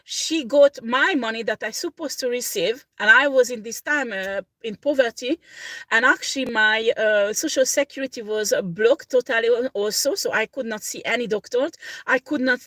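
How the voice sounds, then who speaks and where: A woman with a fairly high voice talks loosely to her livestream audience as a tarot reader, rambling and searching for words in halting second-language phrasing. She often breaks into laughter. The sound is dry and close, with no room echo. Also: fairly bright tone. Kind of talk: casual livestream chat.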